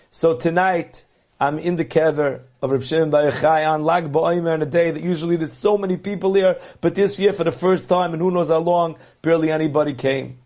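Earnest high-voiced man telling stories. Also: fairly even intonation, darkish tone. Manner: earnest, drawn-out emphasis. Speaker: religious storyteller. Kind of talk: religious storytelling.

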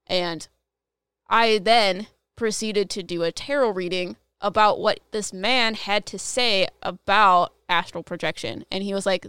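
A woman's voice: medium pitch, fairly bright tone, smooth, dry recording, clean studio sound. A woman co-hosting a chat show as a psychic medium, telling a story in a chatty way, full of fillers. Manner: chatty, many "like" fillers, gets quicker when stressed. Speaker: podcast co-host, psychic medium.

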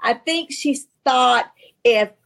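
A woman's voice: high voice, vocal fry. Chatty Southern woman telling stories. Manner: halting, with restarts and frequent laughs. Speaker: author guest on a panel. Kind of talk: casual storytelling talk.

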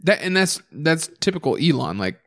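A young man hosting a casual chat, animated and profane, who moves the talk to new topics. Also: on the high side, moderate pace.

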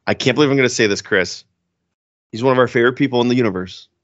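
A young man co-hosting a casual podcast about movies, animated and enthusiastic, laughing often. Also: medium pitch, very fast, no room sound, highs cut off. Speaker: podcast co-host.

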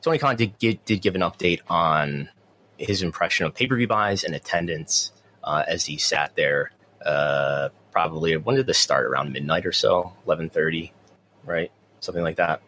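A man's voice: sits low, normal speed, sharp tone, a little hiss or hum. A man co-hosting a casual wrestling news talk show, rambling with frequent restarts. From near the US–Canada border. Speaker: podcast co-host.

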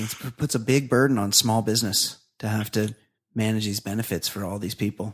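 A man's voice: lowish voice, fairly even intonation, fairly quick, slightly rough. Profane, emphatic male comedy podcaster. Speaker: podcast co-host. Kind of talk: casual comedy banter.

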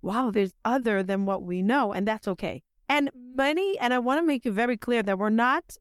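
Woman, podcast host, storytelling, acts out quotes, clear smooth tone, dry close sound. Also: on the high side, normal speed, no echo. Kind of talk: casual conversational interview.

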